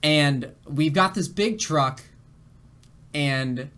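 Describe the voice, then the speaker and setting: A man's voice: a little high, extremely slow, pushed and bright. A young man streaming games, his voice shaky after crying, telling a rambling story to his chat with laughs and restarts. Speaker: game streamer. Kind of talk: casual storytelling to a live chat.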